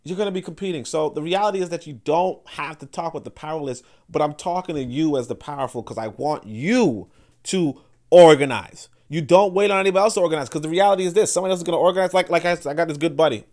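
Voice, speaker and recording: A man with a slightly raised pitch hosts a podcast in an unscripted monologue. He rambles, restarts his sentences, and fills gaps with "you know" as he talks. He slips into quick voiced-out quotes of other people. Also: a little mellow. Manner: rambling, full of fillers and restarts; acts out others' words in quoted asides. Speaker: podcast host. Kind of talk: casual monologue commentary.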